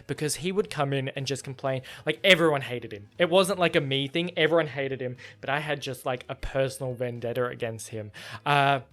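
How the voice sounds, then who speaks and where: A young man hosting a casual solo podcast, telling a story in an animated, profane way, jumping between loud outbursts and muttered asides. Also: medium pitch. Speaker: podcast host.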